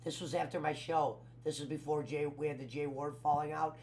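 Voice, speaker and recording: A man chatting on a podcast, animated and quick to laugh. He stumbles and repeats himself as he tells stories. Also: fairly high pitch, vocal fry, a little hiss or hum. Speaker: podcast host. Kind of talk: casual chat.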